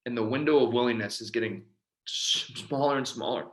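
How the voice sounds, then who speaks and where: A man, telling his own recovery story in a halting way, full of fillers and often trailing off quietly. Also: mid-range voice. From Detroit, Michigan. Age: 30s. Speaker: recovery outreach speaker. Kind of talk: personal testimony talk.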